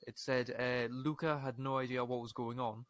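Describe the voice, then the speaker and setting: A man's voice: mid-range voice, flat delivery, normal speed, no room sound. Swearing British man reading a story aloud. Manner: swearing, laughing, acting out quoted lines. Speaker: podcast co-host.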